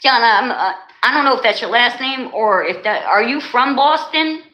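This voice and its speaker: A woman's voice: a little high, normal speed, muffled recording. A woman hosting a live stream, chatting casually with viewers, teasing them and laughing often. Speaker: livestream host. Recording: echoey room.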